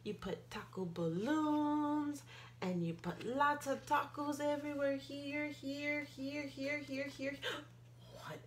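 A woman reading a picture book aloud to a child, playful, with gasps and excited outbursts. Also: high voice, slow, a little hiss or hum. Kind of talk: animated read-aloud storytelling.

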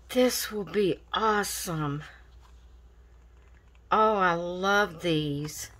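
A woman, gushing and excited as she opens craft mail in a casual vlog. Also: fairly low pitch, drawn-out words, pauses often, a little hiss or hum. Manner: gushing, excited, repeats thanks. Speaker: craft vlogger.

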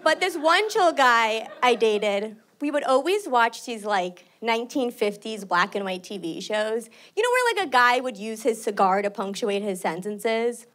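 Brash, high-voiced New comedian. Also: female voice, lively intonation, unhurried, hardly any pauses. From New York. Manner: brash, conversational, loud. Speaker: stand-up comedian. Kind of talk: stand-up comedy set. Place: stage before a live audience. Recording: live set with audience noise.

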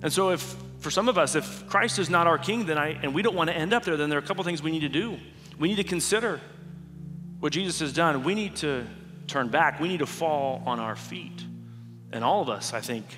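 A man preaching a sermon as pastor, earnest and measured, slowing down with emphatic pauses. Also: a little high. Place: large church sanctuary. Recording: long hall reverb with music underneath.

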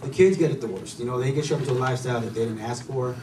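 A man's voice: mid-range voice, racing, dark tone, echoey room, distant mic, a little hiss or hum. A man performing a stand-up comedy set, telling loose, chatty stories with lots of fillers. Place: comedy club stage. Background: room ambience and audience laughter.

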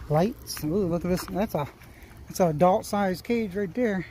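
Strolling through an outdoor equipment auction yard, a small-engine flipping channel host thinks aloud and chats in easygoing commentary. His voice sits high with a warm tone, he takes his time, and there's a bit of noise behind him.

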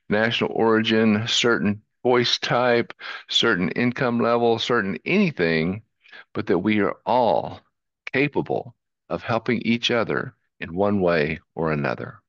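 A man's voice: deep voice, no room sound, muffled recording. A man with a Southern US twang, a podcast guest talking earnestly and listing ideas one after another. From southern United States. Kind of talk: interview conversation.

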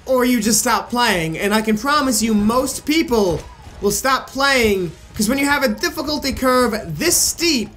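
A man's voice: very high voice, lively intonation, unhurried. Frustrated swearing gamer man. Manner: frustrated, swearing, outbursts of yelling. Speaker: gaming video creator. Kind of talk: casual let's play commentary. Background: game music.

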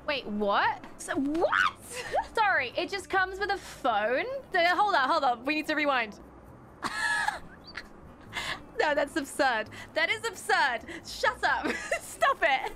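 A young woman streamer doing casual reaction commentary, excitable, laughing often and swearing freely. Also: sits high, takes it slowly, a little hiss or hum.

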